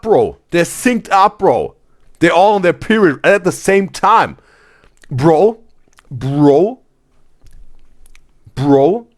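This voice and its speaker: A man hosting a live stream, reading chat messages aloud in a casual, excitable way and saying "bro" constantly. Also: on the high side, slow pace, pauses often. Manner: animated, exclaims "bro" constantly, laughs often.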